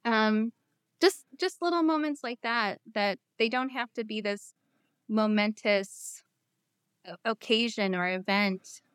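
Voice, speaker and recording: A woman guest in an interview, telling personal stories in a candid, reflective way with soft hesitations. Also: a little high, slow, smooth, dry recording, clean studio sound.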